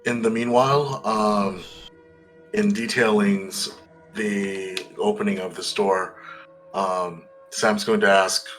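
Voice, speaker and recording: A man playing a tabletop game, describing his character's actions deliberately with many hesitations. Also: fairly low pitch, fairly bright tone, faint music behind, low-quality recording. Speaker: player.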